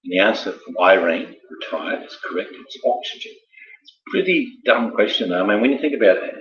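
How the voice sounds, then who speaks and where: Man, quiz host, casual and jokey, rambling asides, lowish voice, echoey room, dull lo-fi sound. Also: a bit bright. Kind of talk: casual live quiz hosting.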